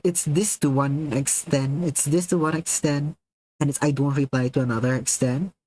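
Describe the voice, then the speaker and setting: A man chats casually with viewers on a live stream, excitable, swearing freely and laughing a lot as he reacts to their messages. His voice sits on the high side at a moderate pace, with no room sound and a rough recording.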